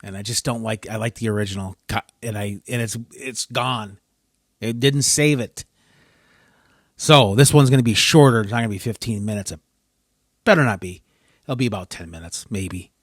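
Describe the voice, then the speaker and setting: A man's voice: fairly low pitch, moderate pace, no echo, studio quality. A man hosting a solo podcast, rambling and frustrated, often breaking off mid-sentence. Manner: frustrated, rambling, self-interrupting. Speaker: podcast host.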